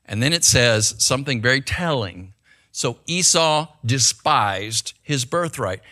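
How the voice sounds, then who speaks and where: A man's voice: medium pitch, lively intonation, a little slow, sharp tone. An older man, a pastor, preaching a sermon in a conversational way and checking in with the congregation as he goes.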